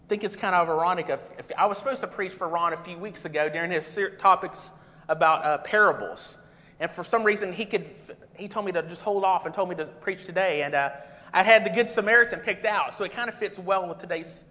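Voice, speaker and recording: In a church sanctuary, a guest preacher delivers a folksy, conversational sermon full of personal stories, his energy building as he goes. His voice sits high with a sharp tone and moves a little fast. The recording has long reverb and a dull, lo-fi sound.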